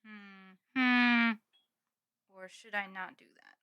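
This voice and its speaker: A woman's voice: medium pitch, fairly even intonation, slow pace, smooth, lo-fi sound. A woman chatting casually on a live stream from her room at home, giggling and swearing now and then while she snacks. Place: home room with green screen.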